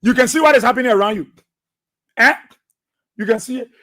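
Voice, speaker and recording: A man's voice: very high-pitched, fairly quick, fairly bright tone. A man with a Liberian English accent hosting a political radio talk show, laughing often and mocking his rivals, repeating phrases for effect.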